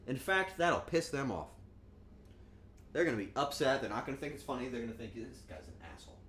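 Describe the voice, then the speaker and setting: A man's voice: medium pitch, expressive, a little fast, a bit bright, slight background noise. A man chatting casually on a cooking stream, joking and rambling, and acting out quotes in goofy voices.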